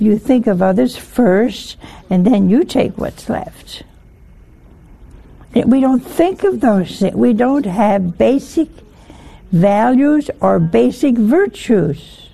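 Gravelly older woman preaching folksily. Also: mid-range voice, dark tone. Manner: folksy, asks listeners rhetorical questions. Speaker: religious teacher. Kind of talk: sermon.

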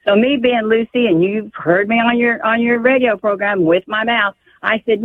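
A woman's voice: mid-range voice, brisk, hardly any pauses, a little hiss or hum. An older woman calling in to a radio show, telling a painful family story in a pleading, stumbling way over the phone. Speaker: caller. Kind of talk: emotional call-in story. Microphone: telephone. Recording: tinny phone line.

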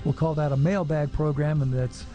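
A man's voice: fairly high pitch, steady tone, dark tone, muffled recording, faint music behind. A man hosting a call-in radio show, reading listener emails and wrapping up the hour with station notes. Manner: friendly, reads emails, brisk wrap-ups. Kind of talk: radio host chat.

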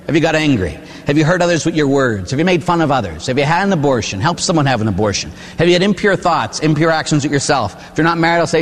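An older man, a priest, preaching about confession in an animated storytelling way, acting out voices and tagging his points with "huh?". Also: fairly high pitch. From Pittsburgh, USA. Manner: animated storytelling, acts out quoted voices, tag questions "huh?". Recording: echoey hall with long reverb.

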